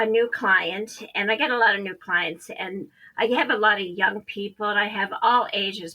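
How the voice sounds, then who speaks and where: A woman's voice: mid-range voice, sharp tone, husky, poor audio. A woman psychic medium, a podcast guest, telling a story animatedly and acting out the quoted dialogue.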